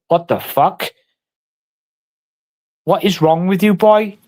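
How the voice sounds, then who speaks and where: A man's voice: sits high, slow pace, darkish tone. Taunting man, crude banter. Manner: taunting, profane, mock-threatening banter. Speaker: livestreamer. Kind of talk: casual livestream chat.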